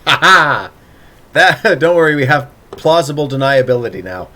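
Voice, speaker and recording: Streamer host, male, eager and teasing, quick to laugh, voice rising and falling freely. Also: mid-range voice, big pitch swings, a bit bright. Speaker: streamer hosting a story reading. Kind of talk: casual chat on a live stream.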